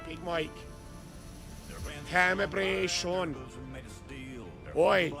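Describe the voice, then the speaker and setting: A man streaming a game live, loudly toasting and thanking his chat with shouted cheers. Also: fairly high pitch, measured pace, pauses often, faint music behind. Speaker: gaming streamer.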